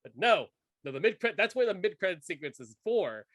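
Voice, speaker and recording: Bright, high-voiced excitable young man. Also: moderate pace, no room sound. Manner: excitable, acts out quotes with laughter. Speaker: podcast co-host. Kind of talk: casual chat.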